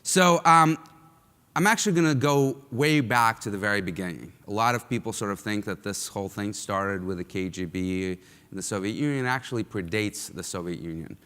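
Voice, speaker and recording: Low smooth voice, guy from russia doing a keynote, lots of ums, echoey big hall. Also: fairly quick, pushed and bright. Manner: conversational, frequent ums and uhs. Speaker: keynote speaker. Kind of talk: conference keynote talk. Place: large lecture hall. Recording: long hall reverb.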